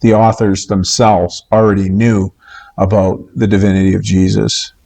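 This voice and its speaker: A man teaching a recorded Bible lesson, in a measured way with many pauses and "uh" fillers. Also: on the low side, flat delivery, vocal fry, mellow.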